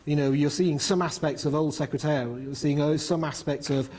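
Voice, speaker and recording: A man's voice: a little high, fairly even intonation, a little fast, darkish tone. A man heading research, presenting an economic briefing and answering questions frankly, with lots of "um" and "you know". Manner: frank and talkative, with frequent fillers.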